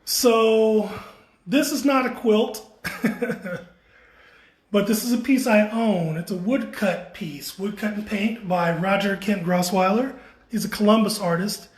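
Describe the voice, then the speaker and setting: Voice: medium pitch, unhurried. An enthusiastic, chatty guide leading a casual walking tour through an indoor art gallery exhibit, with playful exclamations.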